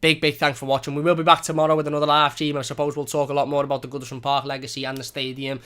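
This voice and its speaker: A young man hosts a fan live stream at a brisk clip, reading comments aloud and thanking viewers again and again. His voice is bright and clear but stays flat in pitch, close on a desk mic at home. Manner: chatty, thankful, repeats phrases. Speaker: fan channel host.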